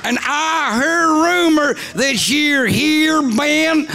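A man playing a brash rustic farmer hero who hollers in a loud, drawling twang. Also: very high voice, drawn-out words, gravelly, pitched above the performer's own voice, full character voice. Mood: boastful.

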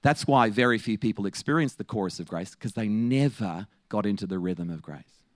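A man preaching a sermon to his church, mixing jokes and quick asides with his message. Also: lowish voice, dry recording. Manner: humorous, animated, quick asides with laughs.

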